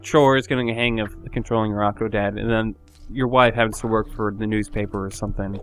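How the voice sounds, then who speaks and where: A man's voice: lowish voice, steady tone, a little fast, faint music behind. A man co-hosting a podcast, recapping a game's plot in a rambling, casual way with lots of filler words. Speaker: podcast co-host. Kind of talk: casual chat.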